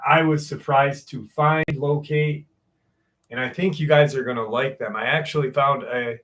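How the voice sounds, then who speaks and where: A man's voice: mid-range voice, fairly even intonation, normal speed, a bit bright. A man hosting a live stream, chatting casually and greeting viewers one by one in a laid-back way.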